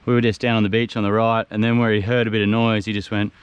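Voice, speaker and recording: A young man fishing and filming outdoors on a mangrove beach, talking casually and exclaiming loudly when excited. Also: fairly low pitch, fast talker, clean tone, muffled recording. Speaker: fishing adventure vlogger. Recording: background music over outdoor audio.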